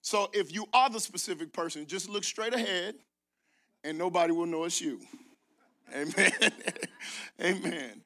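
A man delivers an animated sermon into a microphone, with a close, dry sound. He leads call-and-response with the congregation, shouting lines of scripture and breaking into laughing asides. His voice is high-pitched and bright. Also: measured pace, long pauses, dry recording. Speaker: guest preacher. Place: church stage.

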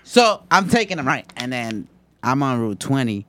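A man, telling a profane, animated story to friends and acting out the voices. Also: mid-range voice, moderate pace, a little hiss or hum. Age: 20s. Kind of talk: casual chat.

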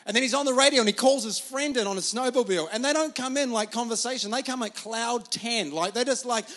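A man's voice: very high-pitched, fast talker, a bit bright. A man with an Australian accent preaching a sermon, telling stories in a casual, chatty way. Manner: casual, storytelling, lots of fillers. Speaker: pastor. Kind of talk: sermon with storytelling.

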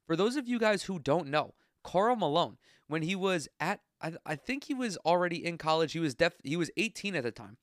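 A man's voice: on the high side, animated, normal speed, dry recording, studio quality. A congested man hosting a solo sports podcast, ranting bluntly and profanely in casual talk. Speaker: podcast host.

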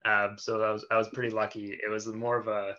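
A man's voice: lowish voice, little pitch movement, a little fast, pushed and bright, dull audio. A young man in his twenties, a designer guest, talking casually and easily with plenty of fillers. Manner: easygoing, laughs often, uses fillers. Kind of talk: casual interview chat.

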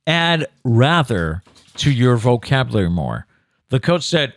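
A man's voice: mid-range voice, sing-song, unhurried, no room sound, clean studio sound. A male co-host chatting casually and reading an article aloud, with a mock-formal emphasis on the words he reads out. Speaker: co-host of a daily news show.

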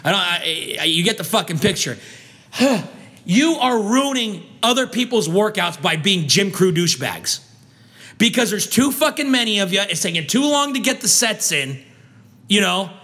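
Angry high-voiced man ranting and swearing. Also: lively intonation, normal speed, bright, forceful tone. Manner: heated, swearing constantly, stumbling restarts. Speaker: vlogger. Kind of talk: angry profane rant.

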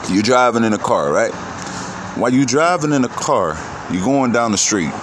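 A man's voice: medium pitch, lively intonation, moderate pace, noisy background. A man talking in a casual, profane, rambling monologue, preaching his views.

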